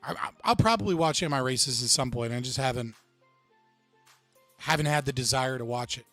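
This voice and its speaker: A man's voice: mid-range voice, fairly quick, a bit bright, no echo, faint music behind. A man hosting a live-stream reaction show, ranting and joking with heavy profanity. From United States. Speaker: livestream host.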